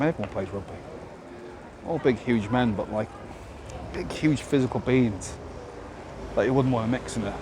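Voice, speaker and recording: Man, casual opinionated monologue, outdoors, clear street noise. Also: lowish voice. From Britain. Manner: rambling, opinionated, with rhetorical questions. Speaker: vlogger. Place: outdoors in a town.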